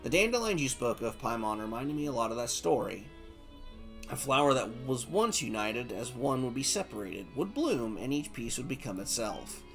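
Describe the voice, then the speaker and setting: A man reading game dialogue aloud as a gentle, wistful female doll who tends flowers, with soft lilting rises. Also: medium pitch, very animated, normal speed, soft background music. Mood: reflective.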